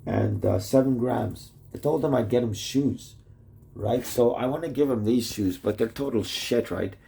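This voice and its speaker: Rambling, profane man with a mellow voice. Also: mid-range voice, moderate pace, vocal fry. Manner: rambling, profane, full of "like" and restarts. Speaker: vlogger addressing his wife. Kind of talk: rambling casual video message.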